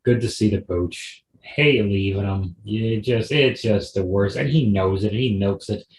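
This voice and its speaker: A man's voice: lowish voice, a little slow, a little hiss or hum. A young adult man hosting a comedy podcast solo, talking in a rambling, digressive and offhand way. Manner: rambling, digressive, with frequent restarts; wry and offhand. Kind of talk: casual solo podcast monologue. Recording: roomy echo.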